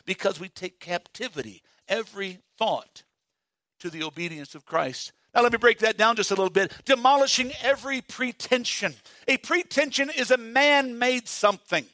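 A man preaching a sermon as pastor, animated and folksy, swinging from loud emphasis to hushed asides and telling homespun stories. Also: very high voice, moderate pace, no room sound, clean studio sound. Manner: folksy storytelling with humor.

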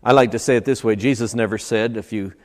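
A man's voice: fairly low pitch, quick pace, a little mellow. A man preaching a sermon at a church service, emphatic and building points through stacked, repeated phrases. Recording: long hall reverb.

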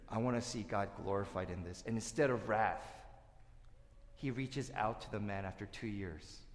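A male pastor preaching a sermon, animated, swinging between loud emphasis and quiet asides. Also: medium pitch. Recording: echoey hall with long reverb.

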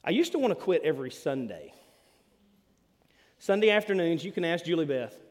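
A man preaching a sermon as a church pastor, animated and self-deprecating. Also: on the high side, fairly quick. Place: church sanctuary. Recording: long reverb of a church hall.

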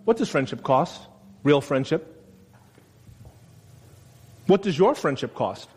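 A man delivering a conversational sermon. He asks the congregation questions and acts out the quotes he reads. His voice sits a little high, and it rings with the long reverb of a big church hall. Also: sing-song, takes it slowly, a little mellow, slightly rough. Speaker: preacher. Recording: long reverb of a large room.

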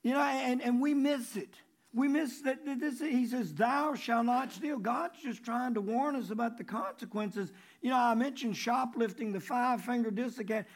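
A man preaching a sermon in a conversational way, repeating key phrases and dropping low before rising for emphasis. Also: moderate pace. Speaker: pastor.

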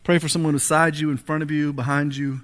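Man, pastor, sermon in church, conversational, emphatic, fairly high voice. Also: level tone, fast talker, a bit bright. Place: church before a congregation.

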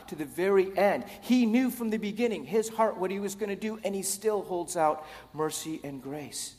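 A man's voice: high-pitched, expressive, moderate pace, hardly any pauses, darkish tone. A man preaching a sermon in a casual, conversational way, with joking asides to the congregation. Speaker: pastor. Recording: long hall reverb.

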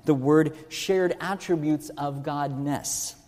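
A man's voice: on the high side, slow, darkish tone, long reverb tail. A man giving an earnest teaching sermon, stressing key words and asking rhetorical questions. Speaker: preacher.

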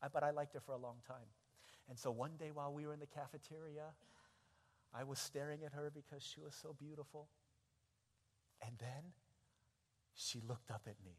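A pastor preaching a sermon, telling stories with big swings between hushed and loud. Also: male voice, moderate pace, long reverb tail. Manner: animated storytelling, big swings in pitch and loudness.

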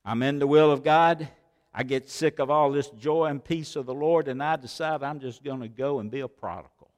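Male pastor preaching, goes loud then real quiet, lots of questions, big echoey church hall. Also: medium pitch, normal speed. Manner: swings between loud exhortation and hushed asides, many rhetorical questions. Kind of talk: sermon. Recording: long hall reverb of a large sanctuary.

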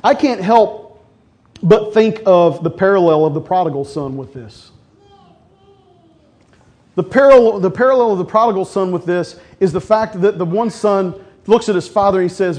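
A man's voice: high voice, a little fast, a little mellow. A middle-aged man preaching a sermon as pastor, talking conversationally, cracking jokes and acting out quotes.

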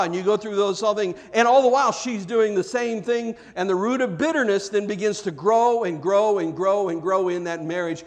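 A male pastor delivering a sermon in a fairly high voice. He swings between lively, joking bits where he acts out other people and quiet, earnest stretches when making his main point. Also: fairly quick, hardly any pauses. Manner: animated, acts out quoted voices, jokes with congregation; drops to soft, earnest tones for serious points.

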